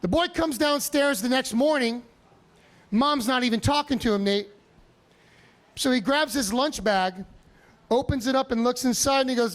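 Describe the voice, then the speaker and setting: A comedian from Chicago telling animated stories on a comedy club stage, with sudden loud outbursts. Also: male voice, extremely high pitch, normal speed, pauses often. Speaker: stand-up comedian. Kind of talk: stand-up set.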